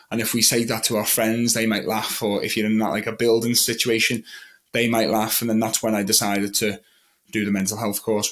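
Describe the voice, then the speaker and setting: A young man tells his personal story as an interview guest, in a low, fairly flat voice. He rambles, restarts sentences and slips into quoting what he thought and said. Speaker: guest, magician and mental health advocate.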